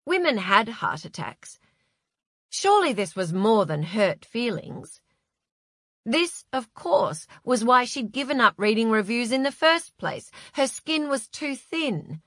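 A woman narrating a novel with wry, expressive storytelling. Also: on the high side, slow pace, no echo, studio quality. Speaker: audiobook narrator. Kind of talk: scripted narration.

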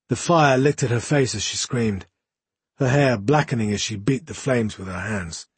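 A man reading a fantasy novel as an audiobook in a measured, even storytelling manner. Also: mid-range voice, husky, dry recording. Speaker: audiobook narrator. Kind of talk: scripted fantasy narration.

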